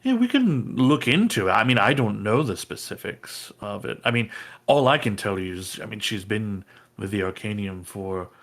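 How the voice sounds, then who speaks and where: A man's voice: on the low side, animated, moderate pace, a bit bright. A man doing a rambling, evasive former apprentice. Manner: hesitant, full of "I mean".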